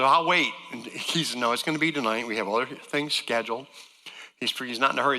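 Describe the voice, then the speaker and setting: A man's voice: medium pitch, pushed and bright, big-room sound. A man giving a folksy, joking personal testimony as a guest speaker to a church congregation.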